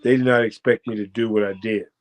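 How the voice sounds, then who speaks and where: An American man, a former fighter, telling a profane, boastful story as a guest and breaking into loud shouted quotes. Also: on the low side, steady tone, quick pace. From United States. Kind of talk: animated storytelling.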